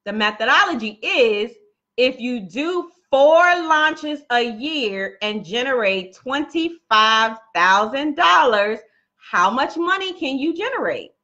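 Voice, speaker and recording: A woman's voice: sits high, animated, slow pace, bright, forceful tone, highs cut off. A woman coaching viewers on a casual live stream, chatty and laughing often, talking straight to her audience.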